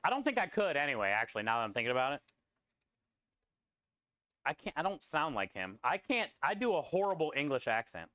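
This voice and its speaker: A male chef talks his way through prep on a live stream, rambling from one dish to the next and stopping to answer chat. His voice is bright, smooth and a little high, recorded dry and close with no room sound, though he drifts off mic now and then as he moves around the truck kitchen. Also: big pitch swings, a little fast, pauses often, dry recording. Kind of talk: casual live-stream chat while cooking.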